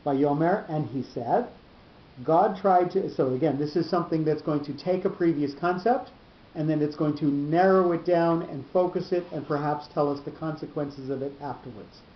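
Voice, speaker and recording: A man leads a Torah class with a slightly high voice, explaining step by step and often repeating words as he gathers his thoughts. The room is echoey, the sound is dull, and a faint rumble sits underneath. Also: moderate pace.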